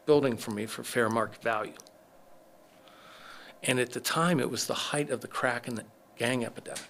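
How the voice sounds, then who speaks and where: A middle-aged man with a bright, forward voice at an ordinary pitch, telling a long story in a podcast interview. He acts out what others said to him, lively and conversational. Faint noise sits under the recording. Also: gravelly. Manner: animated storyteller acting out quoted dialogue. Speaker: chiropractor, podcast guest.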